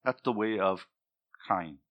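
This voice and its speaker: A man's voice: fairly low pitch, slow pace, muffled recording. A male pastor preaching a sermon, with emphatic delivery that rises and drops for emphasis.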